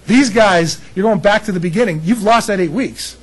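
A middle-aged male pastor preaching casually, telling a story with folksy, animated humor. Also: high-pitched, moderate pace, breathy edge, poor audio. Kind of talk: casual sermon with personal story.

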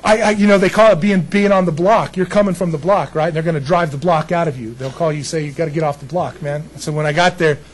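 A middle-aged male pastor preaching casually, telling a story with folksy, animated humor. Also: fairly high pitch, quick pace, hardly any pauses, a little hiss or hum, low-quality recording. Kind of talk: casual sermon with personal story.

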